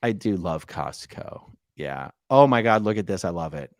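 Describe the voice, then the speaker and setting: A man's voice: sits low, expressive, normal speed, dry recording, studio quality. A man co-hosting a casual podcast, playfully teasing and reading out viewer comments in bursts. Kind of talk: casual chat.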